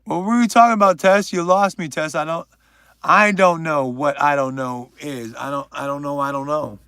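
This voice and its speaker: A man's voice: fairly high pitch, steady tone, moderate pace, pushed and bright, clean tone, dry recording, clean studio sound. A young man hosting a livestream, chatting casually and joking while reading out viewers' names. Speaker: livestream host.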